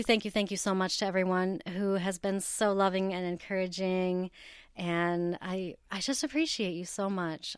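A woman's voice: mid-range voice, a bit bright, clear, resonant tone, dry recording, studio quality. A woman hosting her own podcast, chatting casually and bubbly, laughing often as she talks. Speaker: podcast host. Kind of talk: casual solo podcast chat. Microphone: headphones with cable, home recording setup.

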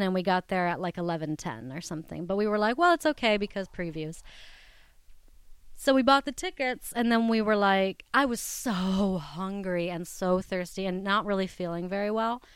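A young woman chatting casually on her own, bubbly and quick to laugh. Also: medium pitch, smooth, dry recording. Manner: bubbly, giggly, laughs often. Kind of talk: casual solo chat.

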